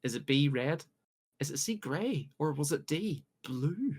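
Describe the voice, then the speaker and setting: A man from the UK hosting a casual podcast quiz, joking along and reading out multiple-choice questions with drawn-out pauses. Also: a little high, expressive, husky. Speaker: quiz host.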